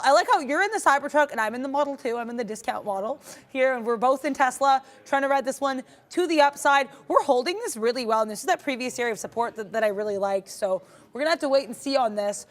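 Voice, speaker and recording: A young woman co-hosting a live day-trading stream, talking in a chatty, enthusiastic way. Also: sits high. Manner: chatty, enthusiastic, many fillers and restarts.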